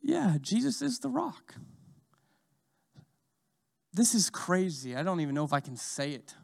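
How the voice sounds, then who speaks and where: A man preaching a sermon, swinging from loud, fast urging to slow, hushed lines. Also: sits high, big pitch swings, creaky.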